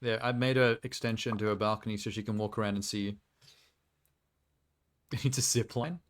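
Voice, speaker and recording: A man's voice: on the low side, fairly even intonation, a little fast. Joking male streamer. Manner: rambling, joking, laughs often. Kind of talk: casual live-stream chat while playing a game.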